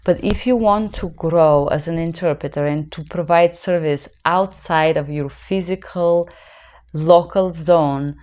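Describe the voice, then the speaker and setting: A woman's voice: low-pitched, measured pace, a little mellow. A woman interpreter with a non-native accent in English, giving earnest, emphatic advice to her viewers. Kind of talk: advice vlog.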